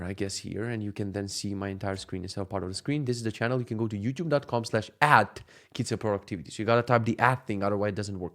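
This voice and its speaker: A man's voice: lowish voice, fast talker. A young man chatting casually in a rambling, profane, joking vlog, with a sore throat. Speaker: vlogger. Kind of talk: casual chat.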